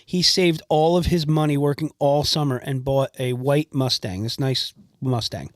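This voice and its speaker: A man's voice: mid-range voice, moderate pace, no echo, clean studio sound. A man from New Jersey, hosting a podcast and telling stories in casual chat, swearing freely and acting out the people he describes. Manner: animated storyteller, swears freely, acts out the people in his stories. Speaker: podcast host.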